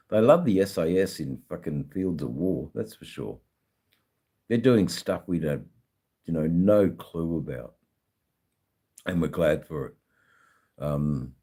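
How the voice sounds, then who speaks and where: A middle-aged Australian man talks casually to his livestream chat, stumbling over words and filling gaps with ums and uhs. His voice sits very low and he takes his time. He swears offhandedly as he goes. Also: darkish tone, breathy edge. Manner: halting, many ums and repeated words. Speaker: livestream host.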